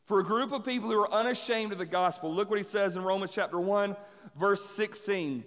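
High-voiced preacher in a reverberant hall. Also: male voice, brisk. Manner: animated storyteller, acts out voices. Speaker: pastor. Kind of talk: sermon with personal stories.

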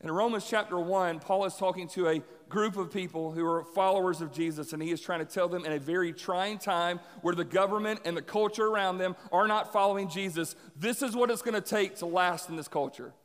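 Male pastor, higher-pitched voice, lively storytelling sermon, long church reverb. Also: brisk, few pauses. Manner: animated storyteller, acts out voices. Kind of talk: sermon with personal stories.

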